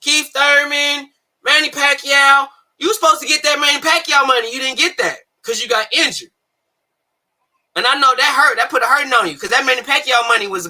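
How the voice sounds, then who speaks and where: Man, high voice, piercing edge; heated profane boxing rant with bursts of shouting. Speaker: boxing commentator. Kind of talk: ranting commentary.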